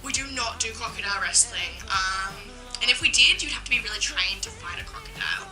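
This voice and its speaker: A woman's voice: a little high, expressive, a little fast, sharp tone, faint music behind, poor audio. A young Australian woman with an Australian accent, talking straight to camera in a casual, indignant vlog full of "um" and "like". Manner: chatty, indignant, lots of "um" and "like". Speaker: vlogger.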